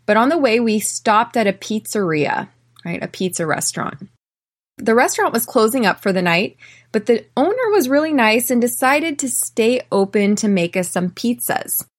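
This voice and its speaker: An American woman hosting an English-learning podcast, telling personal stories and drilling phrases slowly for listeners to repeat. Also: on the high side, expressive. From United States. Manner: clear, slow drilling in repeat-after-me phrases; chatty, often tags lines with "right?". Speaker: podcast host and English teacher. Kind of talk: podcast lesson.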